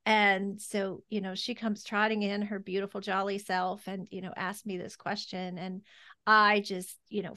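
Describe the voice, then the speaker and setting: A woman podcast host telling a heartfelt personal story in a halting, emotional way, close to tears. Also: mid-range voice, level tone, pushed and bright, dry recording. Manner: halting, emotional, many restarts and fillers.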